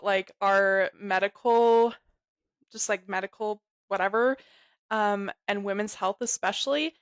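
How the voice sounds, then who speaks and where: A young adult woman telling a personal story in an interview, halting and emotional, full of "like". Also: mid-range voice, no echo. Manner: halting, emotional, heavy use of "like". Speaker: guest sharing her story.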